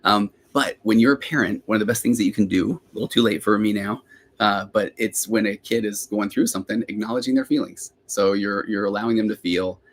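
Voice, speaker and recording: Fast-talking middle-aged male therapist host. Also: fairly low pitch, steady tone. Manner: rambling, self-interrupting, chatty. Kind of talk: live Q&A podcast chat.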